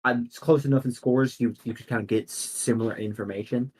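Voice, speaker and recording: A man's voice: mid-range voice, steady tone, brisk, darkish tone, slightly rough. A man narrating as game master in a casual way, with many fillers.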